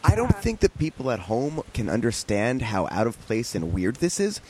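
A man's voice: medium pitch, big pitch swings, moderate pace, darkish tone, breathy edge. A man co-hosting a podcast, giving wry, incredulous commentary on a film. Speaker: podcast co-host. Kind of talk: casual chat.

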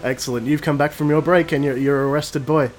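A man's voice: a little high, steady tone, fairly quick, soft background music. An Australian man hosting a casual podcast, joking and swearing with friends. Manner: joking, profane, banter. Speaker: podcast host.

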